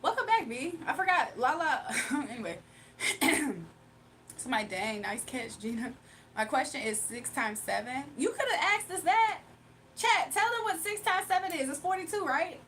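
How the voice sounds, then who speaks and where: With a high, fairly bright voice, this Virginia woman hosts a live stream, reading comments aloud, bantering with viewers and laughing a lot. A faint hiss or hum sits under the audio.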